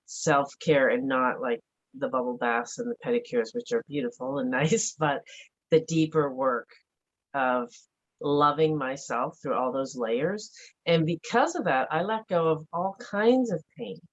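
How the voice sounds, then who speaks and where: A woman's voice: a bass voice, measured pace. A middle-aged woman speaking earnestly and reflectively as an interview guest, with frequent "like" fillers. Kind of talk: candid conversational interview. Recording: dull lo-fi audio.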